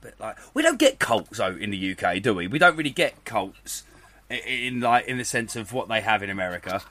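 Bright-voiced man rambling. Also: on the low side, big pitch swings. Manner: rambling, swearing, quick to laugh. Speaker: podcast co-host. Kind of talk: casual chat.

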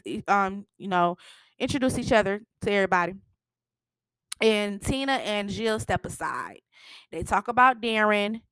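A woman's voice: mid-range voice, fairly bright tone, clean tone, no echo. A woman giving a casual, sassy recap of a TV episode. She laughs often and acts out the characters' lines as she goes. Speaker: TV recap vlogger.

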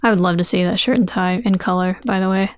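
A woman's voice: mid-range voice, steady tone, quick pace, dry recording, clean studio sound. A woman co-hosting a casual TV recap podcast, playful and jokey, laughing often. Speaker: podcast co-host.

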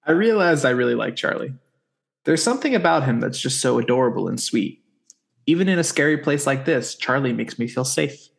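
A man's voice: mid-range voice, animated, a little fast, vocal fry. A man co-hosting a podcast, recapping a TV episode in casual chat with sarcastic asides. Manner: wry, sarcastic asides while summarizing.

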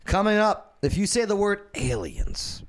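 A man's voice: high-pitched, sing-song, a little slow. A man hosting a talk radio show, blunt and joking in casual banter with his co-hosts.

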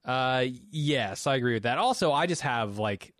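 A man's voice: medium pitch, lively intonation, moderate pace, a bit bright, no echo, studio quality. Opinionated man on a movie podcast. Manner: opinionated, wry. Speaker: podcast co-host. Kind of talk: casual movie review chat.

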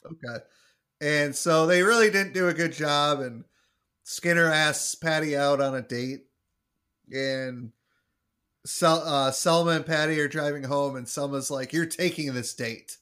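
A man talking casually on a podcast with a slightly raised pitch. He narrates the plot step by step and drops dry, joking asides along the way. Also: a little slow, pushed and bright, clear, resonant tone. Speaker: podcast co-host. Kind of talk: casual chat.

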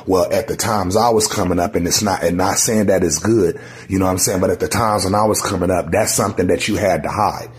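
A man's voice: deep voice, a little fast, hardly any pauses. A middle-aged man speaking earnestly and casually, often checking in with "you know". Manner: earnest, relaxed, with repeated "you know what I'm saying". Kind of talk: casual podcast chat.

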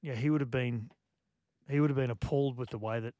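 A man, a radio guest, talking in a halting, reflective way with many restarts. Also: medium pitch, steady tone, dark tone, no echo, clean studio sound. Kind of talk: casual radio chat.

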